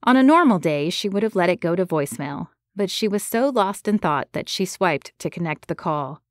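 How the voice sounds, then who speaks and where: A woman's voice: on the low side, expressive, normal speed, no echo. Woman narrating a romance audiobook, dry.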